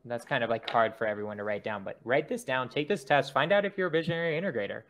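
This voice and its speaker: A man's voice: mid-range voice, animated, fast talker, a bit bright. A young man hosting a podcast, talking in a loose, rambling way with lots of fillers. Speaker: podcast host. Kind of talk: casual podcast chat.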